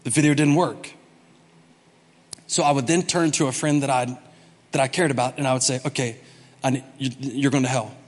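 A man preaching a sermon as pastor, humorous, swinging from soft asides to loud, emphatic bursts. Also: fairly high pitch, slightly rough, big-room sound.

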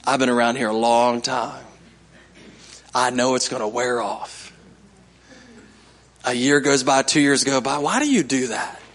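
A man's voice: mid-range voice, measured pace, pauses often, a bit bright. A male pastor giving a sermon in a conversational way, coaxing the congregation to respond.

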